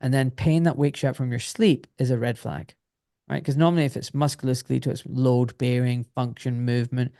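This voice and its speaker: A middle-aged British man telling stories on a podcast, lively and loose, swearing as he goes and slipping into the voices of people he quotes. His voice is mellow and warm, and it sounds close and dry. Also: medium pitch, fairly quick, no echo. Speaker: podcast guest, former doctor. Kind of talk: casual podcast storytelling.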